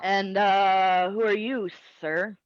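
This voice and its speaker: A woman's voice: mid-range voice, steady tone, takes it slowly, clear, resonant tone, dry recording, lo-fi sound, natural voice. A woman voicing a hesitant, flustered army colonel who stammers through lines in an amateur live script reading.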